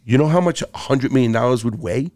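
Speaking quickly with a medium pitch and a darkish tone, this middle-aged podcast guest, once a jewel thief, spins casual interview stories. He's blunt and foul-mouthed and restarts often, and there's no echo.

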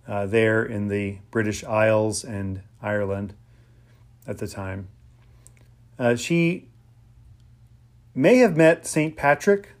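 A man from Pennsylvania delivering a casual sermon at a middle pitch. He talks loosely and conversationally, pausing often with ums and restarting sentences as he goes. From Pennsylvania, USA. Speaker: preacher. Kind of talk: informal sermon.

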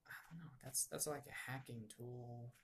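A young man chatting casually on a podcast, lively and jumping into high laughing bursts. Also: moderate pace, slight background noise.

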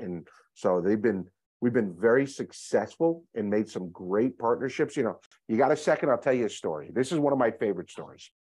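A man, a chocolate brand executive, telling stories as a guest in a casual interview, energetic and salesy with lots of fillers. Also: on the low side. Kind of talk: animated storytelling, casual interview.

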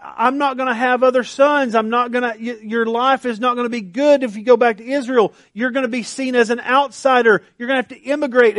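A man's voice: extremely high pitch, no echo, voice pushed up. A man voicing a bitter, grieving older woman in a sermon retelling, insistently urging her daughter-in-law to go back. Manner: pleading, insistent.

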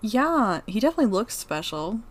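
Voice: mid-range voice, sing-song, a little fast, a bit bright, a little hiss or hum. A podcast co-host in casual chat, teasing and playful, saying "like" often.

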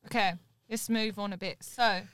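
A woman's voice: medium pitch, normal speed, smooth, no room sound. A young woman hosting a casual podcast, chatty and leading each topic. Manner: leads the topics, chatty and animated. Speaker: podcast host. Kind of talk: casual chat.

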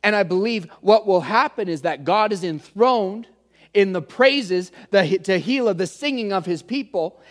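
A man with a high, animated voice speaks at a normal speed. He preaches a conversational teaching sermon, earnestly addressing his listeners directly as he explains the meanings of words.

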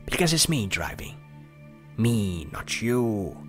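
A bitter, swearing son rages at his absent father, as a man performs him in a Welsh accent that keeps slipping elsewhere. The voice sits low and swings wildly up and down. Faint music plays underneath. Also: very animated, slow. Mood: seething. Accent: put-on Welsh accent that drifts to other accents. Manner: snarling, swearing, bitter taunting. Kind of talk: monologue impression of a film role.

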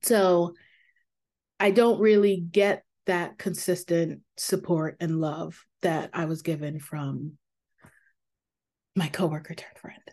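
A woman's voice: fairly low pitch, slow pace. Candid, reflective woman podcast host. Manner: candid, reflective, with frequent fillers and soft laughs; calming voice for guided meditations. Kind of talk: casual personal podcast talk.

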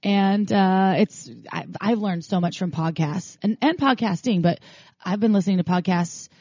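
A woman co-hosting a podcast in relaxed, easygoing casual talk. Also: mid-range voice, moderate pace, breathy edge, no room sound, lo-fi sound. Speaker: podcast co-host.

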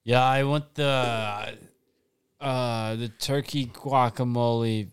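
A man playing in an improvised comedy role-play game, deadpan and blunt. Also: mid-range voice, takes it slowly, clear, resonant tone, no echo, studio quality. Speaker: player.

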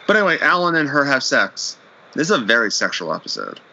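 A man retells a horror episode in casual podcast chat, acting out the characters' lines as he goes. His voice is very bright and swings widely in pitch. The recording sounds dull and lo-fi. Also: wildly swooping pitch, quick pace, vocal fry.

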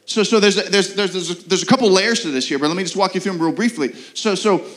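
A man preaching a sermon as pastor, earnest, with rhetorical questions and quick repeated restarts. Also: sits high, fairly bright tone.

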